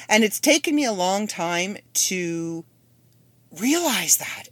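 A woman's voice: medium pitch, lively intonation, takes it slowly, a bit bright, no room sound. A woman in her fifties hosting a solo podcast, chatty and rambling with wry asides. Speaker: podcast host. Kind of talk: casual solo podcast monologue.

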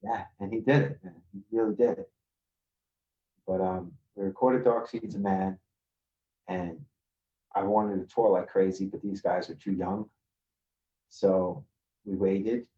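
A man from Queens, a podcast guest telling rough street stories in a swaggering, profane way over a video call. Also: sits low, fairly even intonation, unhurried, long pauses, dark tone, muffled recording. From Queens, New York. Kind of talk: casual storytelling.

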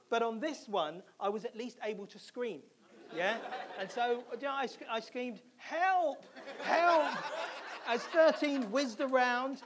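A man preaching a sermon, telling a personal story in a lively way and acting out his own reactions. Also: high-pitched. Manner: animated storytelling, acts out his own screams and quotes. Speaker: pastor.

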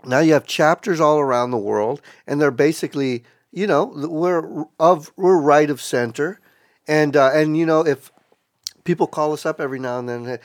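A man as a podcast guest in casual chat, telling stories in a profane, animated way. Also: fairly high pitch, moderate pace, no echo, clean studio sound.

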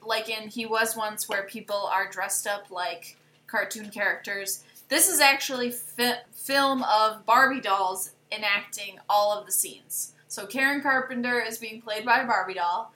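A woman's voice: mid-range voice, a little slow, sharp tone. A woman co-hosting a podcast, chatting casually about films and eagerly recapping scenes in detail. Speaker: podcast co-host. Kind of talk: casual film discussion. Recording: echoey room.

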